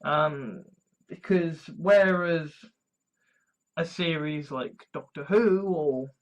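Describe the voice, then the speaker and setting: A man's voice: a little high, takes it slowly. A man vlogging, rambling bluntly about politics and swearing freely. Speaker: video blogger. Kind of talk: profane ranting commentary.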